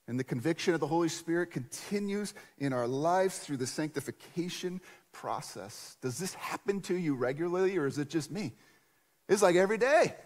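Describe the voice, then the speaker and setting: A man preaching a sermon in a conversational, animated storytelling way. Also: on the high side, moderate pace. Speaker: pastor. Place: church sanctuary. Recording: long church reverb.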